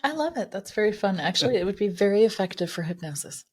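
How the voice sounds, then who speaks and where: A woman's voice: mid-range voice, sing-song, breathy edge. A woman hosting a podcast interview, laughing readily and chatting casually. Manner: warm, giggly, quick to laugh. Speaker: podcast host.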